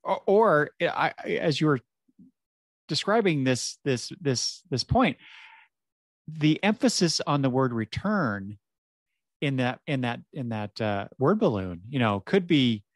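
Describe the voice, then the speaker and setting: A man's voice: mid-range voice, very animated, unhurried, no echo. Man, podcast co-host, hesitant, repeats himself, dry close sound. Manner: hesitant, repeats words while thinking aloud. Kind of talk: casual discussion.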